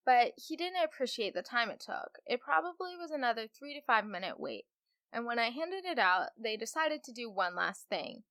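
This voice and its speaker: Bright, chatty young woman podcaster. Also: mid-range voice, no echo, studio quality. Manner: chatty, animated retelling with fillers and voiced quotes. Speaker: podcast host. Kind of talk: casual storytelling.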